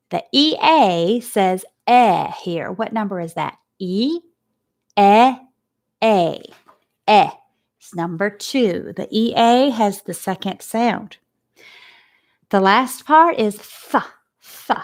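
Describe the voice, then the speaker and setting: Woman teacher, very slow and deliberate phonics lesson for kids, sounds out each letter. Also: medium pitch. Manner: asks questions and praises. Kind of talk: spelling lesson for children.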